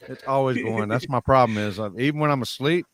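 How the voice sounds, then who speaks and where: A man's voice: mid-range voice, quick pace, a crowd in the background. A man in casual podcast chat, telling rambling stories and swearing freely.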